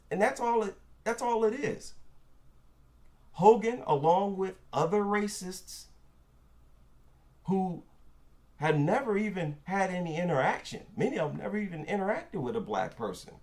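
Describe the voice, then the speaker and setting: Slow, emphatic high-pitched man. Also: darkish tone. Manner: emphatic, indignant, repeats lines for stress. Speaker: commentator. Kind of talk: opinion commentary video.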